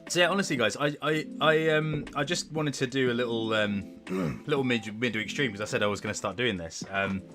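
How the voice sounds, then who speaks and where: A man's voice: medium pitch, brisk, a bit bright, faint music behind. A man streaming from home, chatting casually with a rambling, self-deprecating manner. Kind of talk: casual livestream chat.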